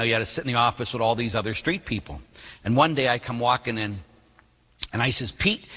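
Storytelling priest in a reverberant hall. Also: male voice, mid-range voice, husky. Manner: storytelling, animated, laughs at himself. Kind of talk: sermon.

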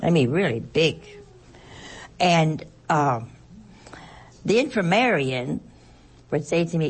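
An older woman, a nun, telling stories from her past in a plain-spoken, unhurried way. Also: lowish voice, expressive, gravelly, slight background noise. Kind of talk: recalling her past in an interview.

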